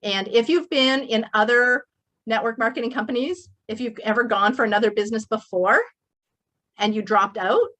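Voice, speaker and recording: A woman's voice: on the high side, moderate pace, fairly bright tone. A middle-aged woman delivers a motivational speech to an online group. Her voice is impassioned and emphatic, and she pushes hard on her points like a preacher. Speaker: motivational workshop speaker. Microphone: speaking to a live online group.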